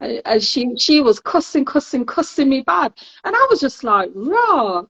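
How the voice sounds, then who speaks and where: Nottingham woman co-host, higher pitch, chatty and laughing, muffled low-fi recording. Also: sing-song, unhurried, fairly bright tone. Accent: Nottingham English. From Nottingham, England. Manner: chatty storyteller, laughs often. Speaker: podcast co-host. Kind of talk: casual chat.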